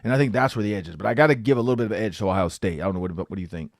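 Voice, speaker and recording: A man's voice: fairly low pitch, racing, no room sound, clean studio sound. A man hosting a sports podcast, talking loosely and animatedly with lots of filler words. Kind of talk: casual sports talk.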